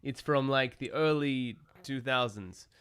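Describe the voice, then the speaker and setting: A man's voice: mid-range voice, a little slow, fairly bright tone, clean tone. A man co-hosting a podcast, reading listener questions aloud in casual chat and swearing now and then.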